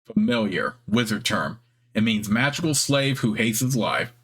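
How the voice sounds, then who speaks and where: A man's voice: on the low side, animated, normal speed, a bit bright, slight background noise. Grumpy old cat familiar, sullen, complaining, a man reading him out, video game dialogue. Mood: sulky.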